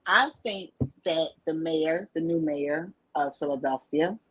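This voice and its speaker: A woman from Brooklyn with a New York accent, chatting on a podcast in a relaxed, halting way with many fillers. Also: low voice, husky, low-quality recording. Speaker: podcast co-host. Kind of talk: casual podcast chat.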